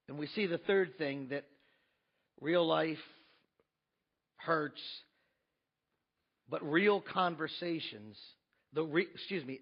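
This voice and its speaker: A man preaching a sermon as pastor, emphatic, with rhetorical questions, swinging between loud and hushed. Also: on the high side, slow pace, pauses often, muffled recording.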